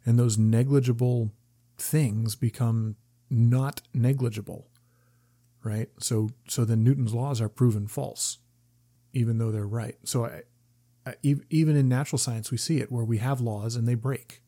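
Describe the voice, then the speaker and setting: Mellow-voiced man musing aloud. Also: medium pitch, steady tone, a little slow. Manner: thinking aloud with restarts. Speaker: podcast co-host. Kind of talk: casual book discussion.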